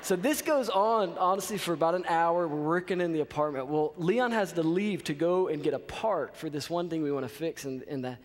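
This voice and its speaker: Guy giving a chapel talk, storytelling, keeps asking "okay?", slightly high voice. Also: brisk, few pauses. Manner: animated storyteller, checks in with "okay?". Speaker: college chapel speaker. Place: college chapel. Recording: reverberant chapel hall.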